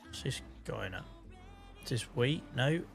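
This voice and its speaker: A man's voice: mid-range voice, expressive, moderate pace, vocal fry, over music. A tired man with a headache, casually chatting to his live-stream viewers while playing, thinking aloud and swearing now and then. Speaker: game streamer.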